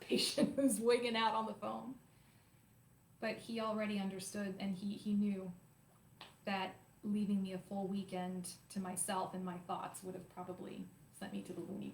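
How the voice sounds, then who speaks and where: A woman in her forties, hosting her own show, telling a personal story to viewers in an animated, emotional, confiding way. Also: medium pitch, a little hiss or hum. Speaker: host. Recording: roomy echo, faint ambience.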